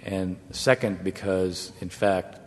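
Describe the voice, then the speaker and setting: A man, a former negotiator, telling a wry anecdote to an audience in a measured way. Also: low-pitched, steady tone. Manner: measured, wry storytelling with brief chuckles. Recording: long hall reverb.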